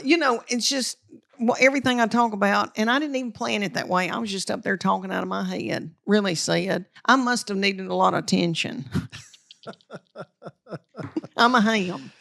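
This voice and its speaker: Middle-aged southern woman w thick country accent, a bit of vocal fry, folksy and jokey. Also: medium pitch, moderate pace, fairly bright tone. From Tennessee, US South. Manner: folksy, self-deprecating, affectionate terms. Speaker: comedian guest. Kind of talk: casual chat.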